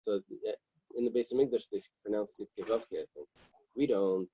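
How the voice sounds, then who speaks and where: Husky-voiced rabbi teaching Talmud. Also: male voice, fairly low pitch, brisk, mellow, dry recording, poor audio. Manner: reads Hebrew and Aramaic text then translates plainly, with frequent "right?" and "okay". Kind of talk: Talmud study lecture, reading and translating. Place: small synagogue study room.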